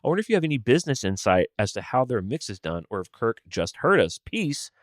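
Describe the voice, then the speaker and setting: A man's voice: medium pitch, big pitch swings, quick pace, no room sound, studio quality. A man hosting a podcast on his own, chatting casually and animatedly in a slangy, joking way. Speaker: podcast host. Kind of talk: casual solo podcast chat.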